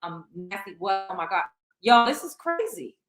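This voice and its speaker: A woman's voice: medium pitch, sing-song, moderate pace, music in the background. A woman hosting a commentary show, reading out text messages and reacting bluntly with profanity. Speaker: host. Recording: echoey room.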